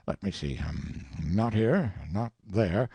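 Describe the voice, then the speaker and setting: A grandiose old colonel full of schemes and florid pleading, his husky voice swooping up and down, as a narrator puts him on. He speaks in a close, dry sound. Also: lowish voice, expressive, slow pace, dark tone, dry recording, exaggerated voice. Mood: scheming. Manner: flowery, pleading, theatrical.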